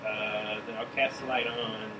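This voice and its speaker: A man's voice: lowish voice, level tone, slow, far from the mic. A man playing in a tabletop game, casual and joking, recorded away from the mic with air-conditioner hum. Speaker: player.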